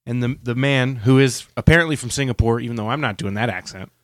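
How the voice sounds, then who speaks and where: A man's voice: mid-range voice, quick pace, dry recording. A man co-hosting a podcast, reading a story aloud with playful asides and quoted voices in casual chat. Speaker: podcast co-host.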